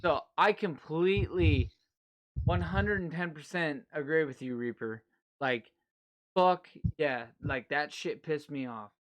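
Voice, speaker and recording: A man's voice: on the high side, a little slow. A young man co-hosting a casual podcast, telling a story with lots of swearing. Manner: swears a lot, tells stories animatedly. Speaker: podcast co-host. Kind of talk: casual chat.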